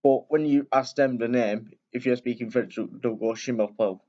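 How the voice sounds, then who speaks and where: A man's voice: mid-range voice, fairly even intonation, normal speed, lo-fi sound. A man hosting a video, casually reading a picture book aloud with chatty asides and frequent self-corrections. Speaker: storyteller and video host.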